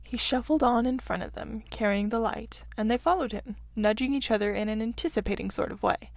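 A young woman hosting a book podcast and reading a classic story aloud in a calm storytelling manner. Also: fairly high pitch, brisk, no echo. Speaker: podcast host and reader. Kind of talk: audiobook reading.

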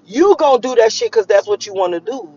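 A woman's voice: a little high, expressive, a little fast, mellow, no echo. Woman vlogging, blunt and cussing a lot, preachy pep talk that rambles, muffled lo-fi audio. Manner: blunt, profane, preachy, wandering. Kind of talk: casual motivational talk to viewers.

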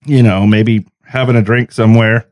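A man's voice: fairly low pitch, normal speed. A man in his forties co-hosting a comedy podcast, jokey, running segments in casual chat. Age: 40s. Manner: jokey, animated, runs the segments. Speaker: podcast co-host.

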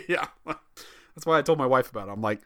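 A man's voice: mid-range voice, fairly quick, no room sound, clean studio sound. A father chatting casually on a podcast, telling family stories with frequent laughter. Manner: animated, laughing storyteller. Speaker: podcast co-host. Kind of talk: casual comedic chat.

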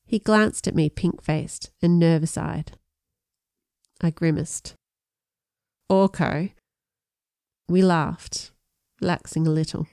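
A woman reads a first-person audiobook with a somewhat low voice. Her narration is measured, and she gives the dialogue lively delivery. The sound is dry and close, with no room echo. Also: smooth.

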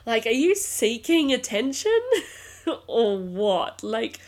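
A woman's voice: on the high side, very animated, slow, a little mellow. Blunt, swearing woman podcast host. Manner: blunt and exasperated, swears freely, laughs often. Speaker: true crime podcast host. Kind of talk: casual storytelling podcast narration.

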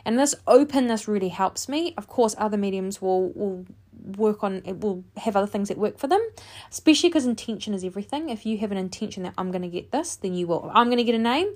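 A woman talks through a reading she gave as a medium, in a casual, chatty way. She fills her sentences with "like" and "um" and acts out the back-and-forth with lively quotes. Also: mid-range voice, fast. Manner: chatty, animated, many fillers and "like". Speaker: medium, podcast host. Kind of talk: casual storytelling to listeners.

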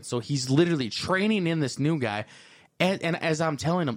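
Brief: animated male co-host, acts out quotes in voices, very expressive pitch, dry room. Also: brisk, no room sound. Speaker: podcast co-host. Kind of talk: casual storytelling chat.

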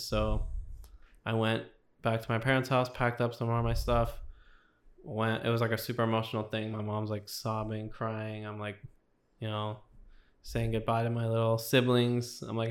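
A man's voice: medium pitch, monotone, measured pace. A young adult man, a podcast guest, telling his testimony in a casual, rambling way, constantly filling with "like.". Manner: rambling, fills with 'like' constantly.

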